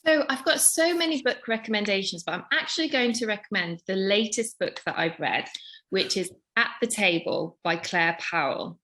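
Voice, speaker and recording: A woman author reading aloud from her own novel, expressive and voicing the characters. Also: mid-range voice, moderate pace.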